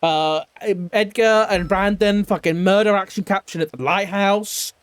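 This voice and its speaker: A man's voice: sits high, a little slow, clean tone, no room sound. A man recapping an investigation in character, rambling and swearing a lot, sometimes mimicking other people. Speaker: roleplay streamer.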